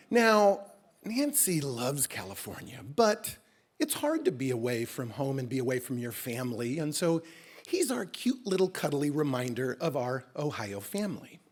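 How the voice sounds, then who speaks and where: A man with a voice a touch higher than most tells a personal story live from a stage into a microphone. His telling is animated and he drops in dry, deadpan exaggerations for laughs. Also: breathy edge.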